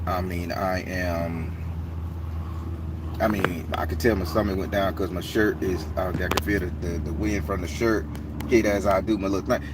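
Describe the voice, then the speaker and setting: A man casually telling a story to his viewers, his voice climbing high and heated as he acts out an argument. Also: distant mic, noisy background. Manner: animated street-talking storyteller, rising excited and heated as he retells.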